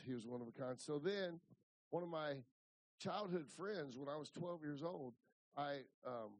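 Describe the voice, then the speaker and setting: A man in his fifties from Ohio, preaching in a loose, rambling way and often repeating himself as he tells stories. His voice is of middling pitch and sounds close and dry. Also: a little mellow, no echo, rough recording. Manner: rambling, repeats words and restarts. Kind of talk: folksy storytelling sermon.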